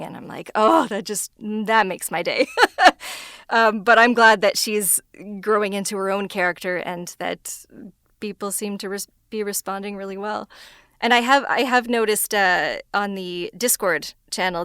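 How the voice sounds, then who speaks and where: A woman's voice: fairly bright tone, no room sound, clean studio sound. A woman voice actor chatting in an interview, talking freely and laughing often between thoughts. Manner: self-described higher-pitched voice. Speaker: voice actor guest. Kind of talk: casual interview chat.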